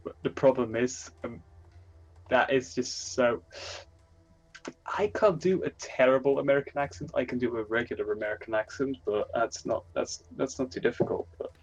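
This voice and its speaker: A man's voice: medium pitch, moderate pace, slightly rough, highs cut off. A man running a tabletop game as game master, casually explaining rules with hesitant restarts.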